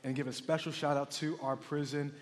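High-voiced, hyped-up young preacher man. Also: fairly quick. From San Antonio, Texas. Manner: energetic, hype, calls out to the congregation. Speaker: middle school pastor. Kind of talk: lively sermon. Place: large church hall. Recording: live church hall with long reverb.

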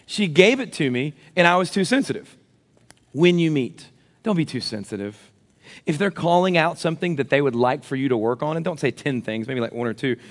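A man in his thirties, a pastor, giving a sermon with animated, self-deprecating stories. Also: on the high side, a little fast, long reverb tail. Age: 30s.

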